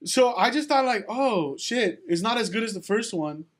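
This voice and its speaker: Young dude with a high voice, rambling stop-start story, lots of slang and cussing. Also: male voice, expressive, moderate pace. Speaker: podcast co-host. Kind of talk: casual chat.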